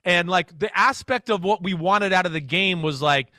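A man in his forties, a former quarterback and guest analyst on sports talk radio, telling animated stories and acting out what people said. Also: sits high, normal speed, no room sound, studio quality. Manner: animated storyteller who acts out quotes.

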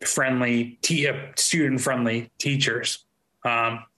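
A man co-hosting a podcast, chatting in a relaxed, rambling way full of fillers. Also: mid-range voice, takes it slowly, rough recording. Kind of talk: casual chat.

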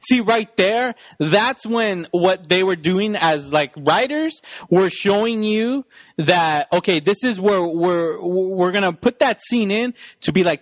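A male podcast host chatting in a radio station studio, excitable and rambling, often breaking into acted-out movie lines. His voice sits high and moves in lively leaps. The sound is close and dry. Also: slow pace, no room sound. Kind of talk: casual chat about a movie.

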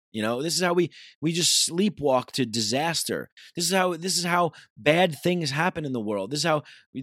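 A man's voice: on the high side, a bit bright, no echo, clean studio sound. A man delivering an intense, profane monologue that circles back on its own points. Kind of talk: ranting monologue.

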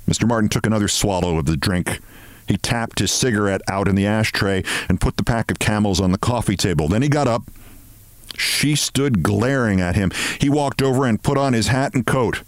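A man hosting a show, reading a short story aloud in an expressive, measured way. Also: on the low side, no echo.

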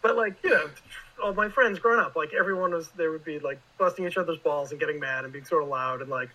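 Bright-voiced man, rambling guest. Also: a little high, quick pace, low-quality recording. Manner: rambling, heavy on filler words. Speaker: guest writer. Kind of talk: casual interview talk.

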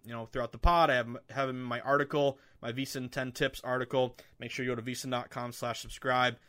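A man hosting a sports betting podcast, chatting casually from home with lots of fillers and excitement. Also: medium pitch. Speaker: podcast host. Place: home room with window open.

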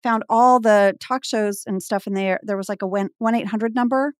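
A woman's voice: medium pitch, normal speed, dry recording, studio quality. A woman in her forties from Texas, guesting on a podcast and telling a story in casual chat, acting out the voices she quotes. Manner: animated, acts out quoted voices.

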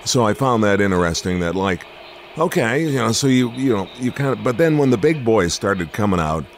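A man's voice: lowish voice, animated, brisk, slight background noise. An older man hosting a radio-style podcast, chatting in a jokey, rambling way with frequent restarts. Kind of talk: casual interview chat.

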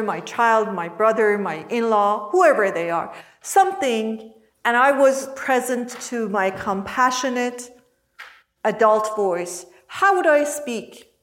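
A woman teaching a workshop group in a calm, reflective way, often asking the listeners questions. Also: a little high, takes it slowly. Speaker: workshop teacher and podcast host.

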